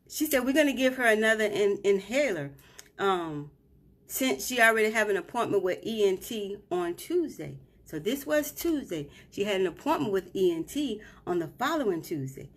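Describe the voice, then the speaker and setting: A grieving mother live streaming from a hotel room, retelling events emotionally and often checking in with "right?". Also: mid-range voice.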